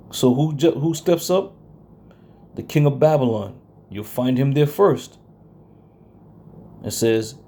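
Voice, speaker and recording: A man preaching a sermon from scripture. He talks bluntly and confrontationally, and reads verses slowly with heavy stress. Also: medium pitch, mellow.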